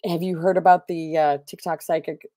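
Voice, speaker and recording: A woman's voice: low voice, little pitch movement, normal speed, warm tone, no room sound. A woman hosting a stream, telling a long story in a chatty, rambling way full of fillers. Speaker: streamer host. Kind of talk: casual chat while playing a game.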